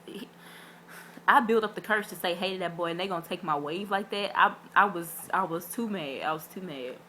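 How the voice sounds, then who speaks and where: A young woman chatting straight to her camera, spinning a story with plenty of "like" and "um." She leans into the tale, her voice jumping up as she acts out what everyone said. The delivery is loose and animated, like she's talking to a friend. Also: on the low side, brisk, a little hiss or hum. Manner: animated, acts out quotes with big voice swings; chatty with many fillers. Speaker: vlogger. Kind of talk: casual storytelling vlog.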